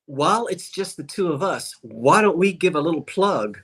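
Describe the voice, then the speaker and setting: A livestream guest from South Jersey, USA, this man rambles in casual chat over a video call, his Delaware Valley accent clear. His voice sits on the high side, husky and fairly bright, animated at a moderate pace.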